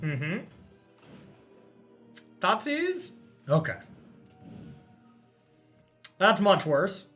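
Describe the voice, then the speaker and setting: A man hosting a card game session, thinking aloud as he counts and checks his plays in relaxed, self-amused commentary. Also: sits high, unhurried, faint music behind. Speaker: host playing a card game. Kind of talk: casual gameplay commentary.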